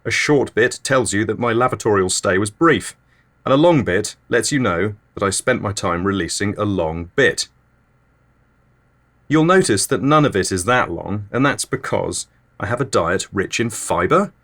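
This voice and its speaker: A male podcast host with a fairly low voice, delivering absurd scripted comedy in a dry, mock-formal tone. He plays the silliness completely straight. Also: expressive, moderate pace, fairly bright tone.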